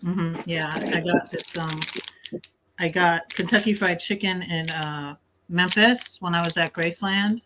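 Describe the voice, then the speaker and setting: A woman's voice: lowish voice, measured pace, noisy background. A woman hosting a casual late-night livestream from her bed, chatty, laughing often and snacking while she talks. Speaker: livestream host.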